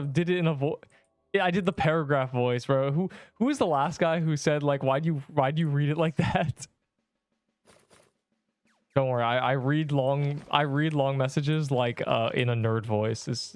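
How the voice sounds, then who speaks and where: This casual gaming livestream features a young man chatting with viewers as he plays, rambling and slangy, addressing his chat throughout. He speaks at a moderate pace in a medium-pitched, clean voice with fairly even intonation, and there is no echo.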